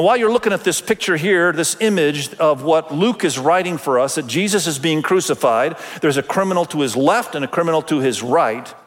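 A male pastor delivers a conversational sermon in a church, his voice sitting a bit high for a man. The long reverb of the sanctuary trails after each phrase. He slips into dramatic voices for the people he quotes. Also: fairly bright tone.

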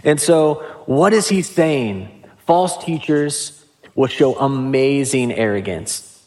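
A man's voice: medium pitch, lively intonation, slow, a little mellow. Conversational man preaching a sermon. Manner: conversational preaching with casual asides. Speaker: pastor.

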